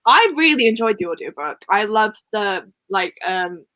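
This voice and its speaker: Young woman chatting on a call, bright voice, dry sound, laughs a lot. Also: mid-range voice, very animated, normal speed, no echo. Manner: chatty, laughs often, storytelling. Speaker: book club co-host. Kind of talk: casual chat.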